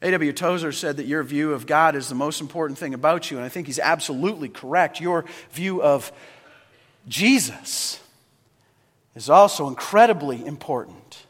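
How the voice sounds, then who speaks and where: A high, bright-voiced man preaches a sermon in a church sanctuary with a long hall echo. He swings between ringing, raised calls and hushed, low lines. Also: normal speed, breathy edge. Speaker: pastor. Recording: reverberant hall.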